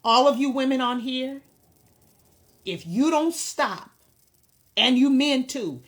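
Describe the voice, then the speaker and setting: Speaking slowly in a high-pitched voice with lively intonation, a woman hosts a commentary video and offers counseling. She addresses viewers directly to camera in a blunt, impassioned, lecturing way.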